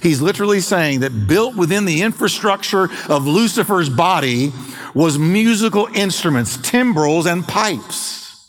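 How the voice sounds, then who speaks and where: A middle-aged man pastor preaching an emphatic sermon, slowing and stretching key words for weight. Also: high voice, expressive, in a large hall. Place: church sanctuary.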